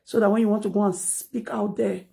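In a phone-recorded live video, a Nigerian-accented mother and social media personality angrily rants at her critics, switching between English and Pidgin. Her medium-pitched voice is dark and creaky, holding a steady tone while moving a little fast.

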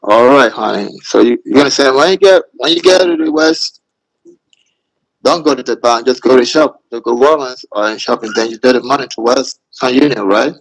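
A man's voice: medium pitch, fairly quick, rough recording. A man on a voice chat, pleading and sweet-talking in broken English, calling her baby over and over. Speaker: scammer. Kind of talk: romance-scam voice chat.

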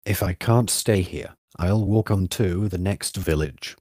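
A man's voice: sits low, measured pace, a little mellow, no echo, clean studio sound. A man reading the part of a male schoolteacher who collects insects, answering defensively and insistently.

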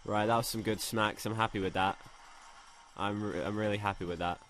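A young man doing let's play commentary, excitable, swearing a lot and shouting when thrilled. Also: fairly low pitch, a little fast, a little hiss or hum. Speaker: gaming commentator.

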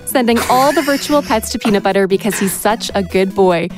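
A woman's voice: medium pitch, expressive, fairly quick, faint music behind. A woman hosting a charity event stage and reading out donations in an upbeat way. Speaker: host.

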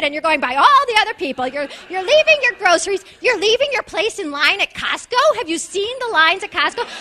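Lively high-voiced woman telling a comic story. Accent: New York. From United States. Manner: animated, acts out voices with quick asides. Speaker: speaker telling a story to an audience.

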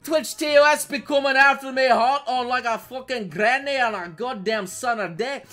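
A man's voice: very high-pitched, normal speed, pushed and bright, pitched above the performer's own voice. A man putting on a Scottish accent to voice a crude, rowdy lad reading out chat messages, swearing and laughing through them. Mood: cheeky. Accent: put-on Scottish. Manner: sweary, laughing, exaggerated brogue.

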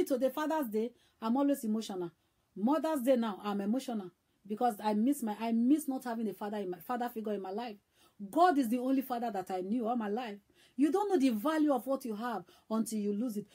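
A woman's voice: fairly high pitch, warm tone, slightly rough. Fervent Nigerian woman preacher. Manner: fervent and exhorting, repeats phrases for emphasis. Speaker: evangelist preacher. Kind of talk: emotional sermon.

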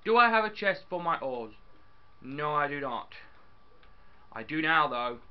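Excitable young man, lo-fi mic. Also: on the high side, a little slow, clear, resonant tone. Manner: chatty, excitable, talks to the viewers and to his in-game dog. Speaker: gaming YouTuber. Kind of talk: casual game commentary.

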